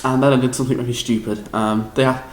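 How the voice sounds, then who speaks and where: A young man with a Liverpool accent, recapping a drama school audition in a rambling, excitable, self-deprecating way with lots of restarts. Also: mid-range voice, fast talker, echoey room, slight background noise, poor audio. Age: young adult. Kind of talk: casual vlog recap.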